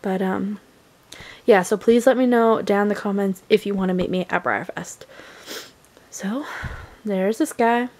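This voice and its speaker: A woman vlogger from Canada, unboxing a package at home in a casual, gushing, excitable way. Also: mid-range voice, unhurried, long pauses.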